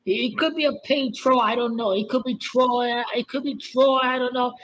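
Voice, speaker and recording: A woman's voice: fairly high pitch, fairly even intonation, normal speed, a little hiss or hum, poor audio. A woman giving casual, skeptical commentary with an argumentative edge. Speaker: sports commentator. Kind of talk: casual opinion talk.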